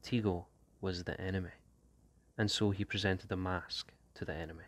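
A man, an English teacher, reading a short story aloud in a steady, unhurried way. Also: deep voice.

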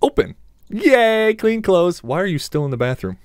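A man's voice: high voice, very animated, moderate pace, clean tone, no room sound, studio quality. A young man doing crude, joking let's play commentary, laughing and talking back to game characters. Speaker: gamer.

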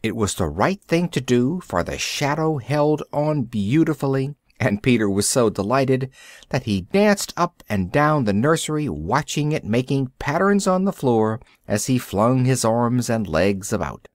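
Storybook narrator for English learners: a man with a lively pitch and a dry, close sound. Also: unhurried, dry recording.

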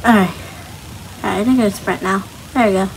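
A woman's voice: medium pitch, fast talker, slight background noise, poor audio. A young woman talking to herself nervously while playing Minecraft, chatty and easily scared. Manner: nervous, chatty self-talk. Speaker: gaming channel host. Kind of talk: casual Minecraft gameplay commentary.

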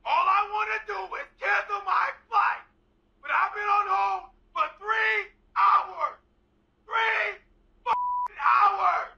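A man's voice: very high voice, fairly even intonation, slow, gravelly, pushed and bright, raised voice, lo-fi sound, exaggerated voice. An actor playing a furious male customer in a comedy skit, screaming and repeating himself. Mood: enraged.

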